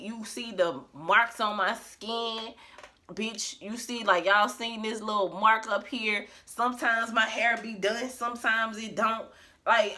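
A woman rants to her camera in a casual, profane way, hammering each point home bluntly. Her voice sits a little high and sounds bright and forceful. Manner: profane, blunt and emphatic, laughing between points. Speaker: vlogger.

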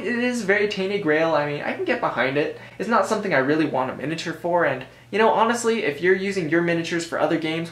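This board game review comes from an American man whose voice runs on the high side with a fairly bright tone. His casual commentary wanders, mixing jokes with frequent self-corrections, and the room echoes noticeably.

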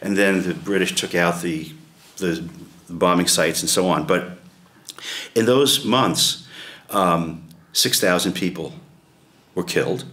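A man leading an adult class, telling a story in a conversational way, often clearing his throat and putting questions to the group. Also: low-pitched, fairly bright tone. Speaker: adult education class leader. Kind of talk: informal lecture with storytelling. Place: church meeting room. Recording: echoey church room.

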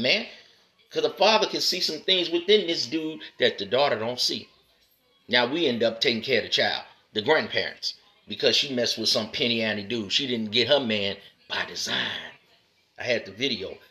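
In a bright, forceful voice, a motivational speaker lectures men straight to camera, repeatedly calling them "man" and "brother." His emphatic, street-style delivery swings between loud, punchy lines and low, slow asides in a preachy monologue.

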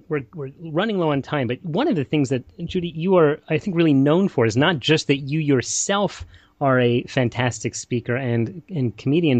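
A man's voice: a little high, no room sound. Man hosting a finance radio show. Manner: halting, restarting questions, dry humor. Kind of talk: radio interview.

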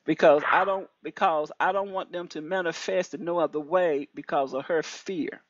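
A woman minister giving an animated testimony over a phone call, preachy and repetitive, her voice leaping high when excited. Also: normal speed, dry recording. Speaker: deliverance minister. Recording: dull lo-fi call audio.

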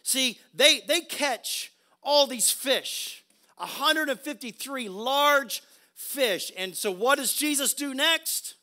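A man preaching a sermon as pastor, emphatic, swinging from quiet asides to loud exclamations. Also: extremely high pitch, slow.

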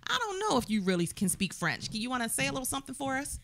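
A woman's voice: high-pitched, very animated, very fast, a bit bright, a little hiss or hum. A woman in her thirties hosting a casual interview, upbeat and playful, laughing easily. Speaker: talk show host.

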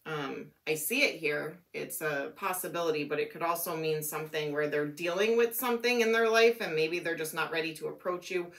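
A woman reading tarot cards aloud, musing and thinking out loud as she goes, her voice a little worn and hoarse. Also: low-pitched, brisk, few pauses. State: losing her voice. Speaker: tarot reader.

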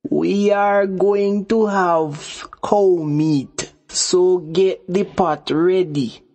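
A woman voicing a sly male trickster spider, slow and coaxing in a storybook tale. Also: fairly low pitch, fairly even intonation, mellow, exaggerated voice.

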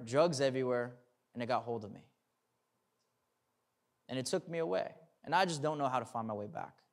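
A man's voice: fairly high pitch, fairly bright tone. A young man, a pastor, telling a personal story in a sermon, acting out the dialogue and then preaching earnestly.

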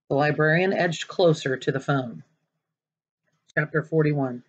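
A woman reading a children's novel aloud, expressive and lively, raising her voice for the characters' lines. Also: low voice, unhurried, breathy edge, muffled recording. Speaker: narrator.

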